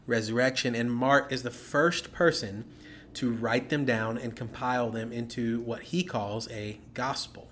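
A man at a mid-range pitch, co-hosting a casual Bible-teaching podcast. He explains things steadily and often checks in with the listener by asking "okay?". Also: steady tone, measured pace, fairly bright tone, slight background noise. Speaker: podcast co-host.

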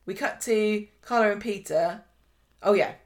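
This woman speaks in a mid-range voice and never rushes. Co-hosting a laid-back podcast, she chattily retells soap scenes, slipping into the characters' voices for quotes.

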